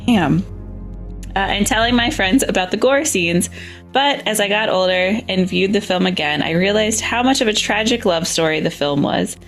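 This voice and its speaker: A woman co-hosting a horror movie podcast, reading her review in relaxed casual chat and laughing often. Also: medium pitch, moderate pace, soft background music. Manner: giggly, relaxed. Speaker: podcast co-host.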